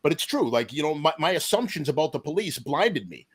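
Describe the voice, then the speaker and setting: A man in his forties tells a long story from his youth as a guest on an interview show. He is animated, jumps into the voices of the people in the story, and his voice sits a little on the high side. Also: a little fast, husky. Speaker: deputy police chief, podcast guest.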